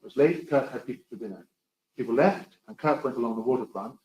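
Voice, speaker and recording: A man giving a storytelling history lecture, with dry, wry asides that swing between loud emphasis and quiet remarks. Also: mid-range voice, lively intonation, fast talker, a little hiss or hum, low-quality recording.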